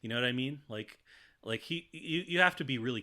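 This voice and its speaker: A man's voice: medium pitch, fairly quick, pushed and bright. A man co-hosting a podcast, chatting casually and animatedly, acting out quotes from a show with laughs. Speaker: podcast co-host. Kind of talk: casual chat.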